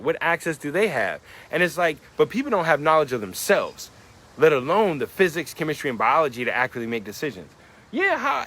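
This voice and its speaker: A man's voice: fairly high pitch, a bit bright, a little hiss or hum. A man in his forties, a rapper explaining his lyrics in a reflective monologue, musing and asking many rhetorical questions. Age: 40s.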